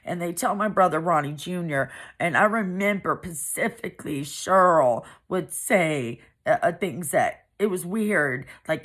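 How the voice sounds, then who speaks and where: Low, husky woman recounting her past. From Pennsylvania, US. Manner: halting and emotional, with many restarts and fillers. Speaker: survivor telling her story. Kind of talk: personal testimony.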